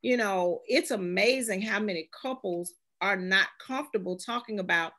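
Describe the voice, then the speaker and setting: A woman guest, a sexual health expert, explaining her points in measured conversation, tying them together with "and so". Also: medium pitch, fairly bright tone. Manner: measured, chains points with "and so" and "you know".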